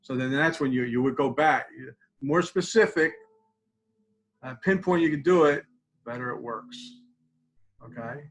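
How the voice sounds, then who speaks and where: Calm older man coaching a tapping exercise. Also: mid-range voice, a little slow, pauses often, poor audio. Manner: calm instructive, often drops to quiet repeated phrases. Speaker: college student support clinician. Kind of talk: webinar teaching a tapping technique.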